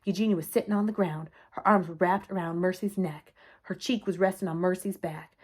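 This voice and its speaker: A woman telling a children's story aloud in a clear, expressive way. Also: on the low side, a little fast. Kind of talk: children's book read-aloud.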